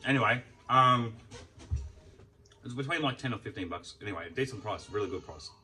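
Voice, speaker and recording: Bright-voiced man eating on camera. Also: mid-range voice, animated, moderate pace, recorded from a distance, low-quality recording. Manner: rambling, swears freely, talks while eating. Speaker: food vlogger. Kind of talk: casual mealtime chat.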